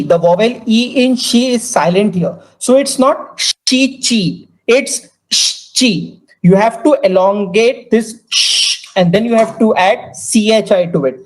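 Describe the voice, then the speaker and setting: A woman teaching a language class, repeating each word slowly and drilling pronunciation. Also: medium pitch, a little mellow, low-quality recording. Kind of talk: slow, careful language lesson.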